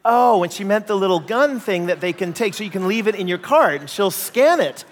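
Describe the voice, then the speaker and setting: A Canadian man preaching a sermon, an animated storyteller who acts out voices and jokes at his own expense. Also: sits high, a little fast, few pauses, in a large hall. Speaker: pastor.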